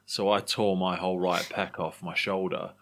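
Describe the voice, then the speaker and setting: A man's voice: deep voice, little pitch movement, normal speed, fairly bright tone. Blunt, sweary male podcast host. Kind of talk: casual interview chat.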